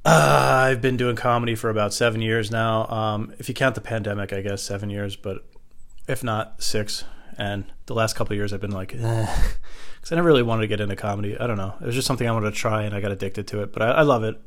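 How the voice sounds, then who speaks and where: Fast-talking, rambling male comedian. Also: on the low side, fairly even intonation, a bit bright. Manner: loose, profane, digressive. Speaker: stand-up comedian. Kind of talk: rambling stand-up storytelling.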